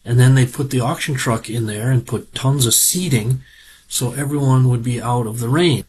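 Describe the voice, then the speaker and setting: Middle-aged man, folksy and rambling, casual report, average pitch, faint noise behind. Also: normal speed, a little mellow. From Minnesota. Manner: rambling, folksy, with frequent fillers. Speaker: farm equipment auction reporter.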